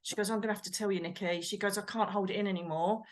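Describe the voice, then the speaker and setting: A woman co-hosting a chat show, telling a story in an animated way and acting out the quotes. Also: mid-range voice, rapid-fire. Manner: animated, acts out quotes, exclaims. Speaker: co-host, medium.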